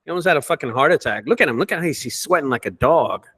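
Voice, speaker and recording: High-voiced, profane storytelling man. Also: animated, rapid-fire, a bit bright, breathy edge. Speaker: junk removal business owner, host. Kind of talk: casual group chat.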